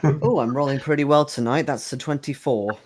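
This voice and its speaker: A man's voice: mid-range voice, fairly quick. A man playing a tabletop role-playing game, eager and laughing easily as he rolls dice. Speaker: player. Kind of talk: casual tabletop play. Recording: faint background noise.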